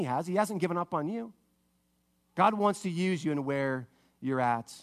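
A man preaching a sermon to parents, telling a story with lively acted-out voices and dropping to a soft, low tone for emphasis. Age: adult parent. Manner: animated storytelling, acting out characters with big pitch swings. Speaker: pastor.

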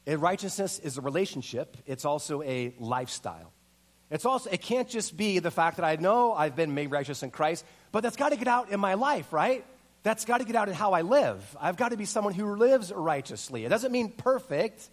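A middle-aged man delivers a sermon with the lively energy of a storyteller. His voice sits a little high, and he swings it up and down as he acts out the people in his story. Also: normal speed. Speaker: pastor.

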